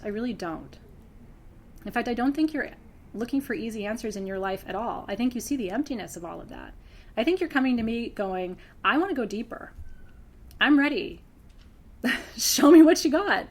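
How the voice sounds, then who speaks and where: A woman's voice: mid-range voice, expressive, a little fast. Tearful earnest spiritual teacher woman. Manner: earnest, swings between hushed intensity and laughing brightness. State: close to tears. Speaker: spiritual teacher hosting a member Q&A. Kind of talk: emotional heartfelt address to students.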